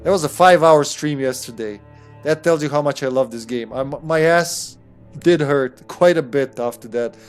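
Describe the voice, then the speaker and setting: A man's voice: fairly high pitch, moderate pace, clean tone, faint music behind. A man hosting a live game stream from a room at home, greeting his chat by name in a casual, upbeat way with some swearing. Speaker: streamer and host.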